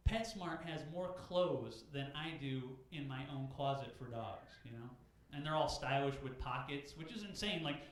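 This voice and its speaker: Animated comic man in an echoey club. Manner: animated, shouts high-pitched bits for characters. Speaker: open mic comedian. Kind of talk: stand-up comedy set. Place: comedy club stage.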